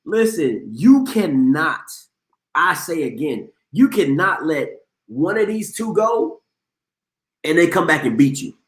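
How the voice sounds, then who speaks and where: A man's voice: fairly high pitch, fairly bright tone, roomy sound. A man hosting a live sports talk show, talking in an emphatic, slangy way and repeating himself for effect. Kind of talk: casual sports commentary.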